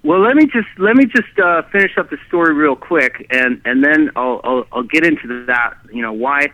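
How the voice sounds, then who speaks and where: A man talks a guest's story over a thin, phone-like line, rambling and circling back with restarts and "you know"s. His voice sits a little higher than most men's. The sound is dry and close, with no room around it. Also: animated, normal speed, pushed and bright, dry recording. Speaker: guest telling his experience. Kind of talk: casual storytelling in conversation.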